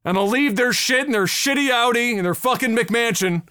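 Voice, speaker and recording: A man, co-hosting a casual podcast and ranting profanely, getting loud when worked up. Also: very high-pitched, a little fast, clean tone, no room sound, studio quality. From Nova Scotia, Canada. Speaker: podcast co-host.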